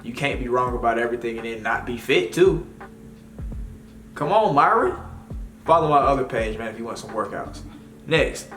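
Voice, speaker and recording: A man's voice: mid-range voice, expressive, normal speed, pauses often, fairly bright tone. A man giving casual commentary as a vlogger, rambling with slang and lots of fillers. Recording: echoey room with faint music.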